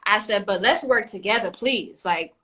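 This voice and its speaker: A woman's voice: medium pitch, moderate pace, sharp tone. A woman in her thirties from Brooklyn with a New York accent, co-hosting a casual talk show and acting out scenes with swearing and laughter. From East New York, Brooklyn. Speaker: podcast co-host. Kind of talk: casual chat.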